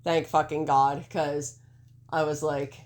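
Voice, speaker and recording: A woman's voice: deep voice, little pitch movement, takes it slowly, a little mellow. A woman co-hosting a podcast in casual chat, rambling and laughing, swearing freely, a little congested. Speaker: podcast co-host.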